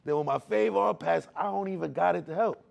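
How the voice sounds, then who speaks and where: A man telling his personal faith testimony in casual slang, emotional, repeating words for emphasis, swinging between hushed and loud. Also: sits high, fast talker, creaky. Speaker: testimony speaker.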